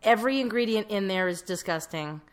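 A young woman co-hosts a podcast in easy, casual conversation. She tells stories with plenty of filler words in a mid-pitched voice. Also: animated, a little fast. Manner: chatty storyteller, frequent "like" fillers. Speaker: podcast co-host. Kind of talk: casual chat.

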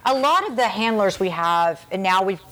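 Woman, animated storyteller, salty language, slight background noise. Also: medium pitch, moderate pace. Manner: animated, emotional storyteller, swears freely. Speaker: founder of a police dog charity. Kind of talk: casual storytelling chat.

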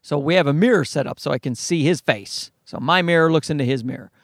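A man's voice: a little high, fast, vocal fry, no echo, clean studio sound. A man telling a story as an exasperated, profane rant. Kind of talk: comic ranting anecdote.

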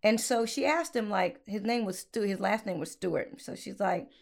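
A woman with a gravelly edge to her voice, chatting casually as co-host of a talk show. She tells a story with energy, jumping into quoted lines and laughing along the way. She sounds like she is talking with a mouthful of bread. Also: medium pitch, moderate pace, few pauses. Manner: animated storyteller, acts out quotes, laughs often; talking while eating bread. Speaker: podcast co-host.

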